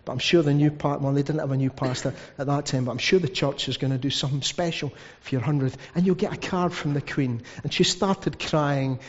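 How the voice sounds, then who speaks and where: A man's voice: on the high side, fairly even intonation, fairly quick, few pauses. A man preaching a sermon as pastor, telling stories with asides. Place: church hall. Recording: dull sound with long hall reverb.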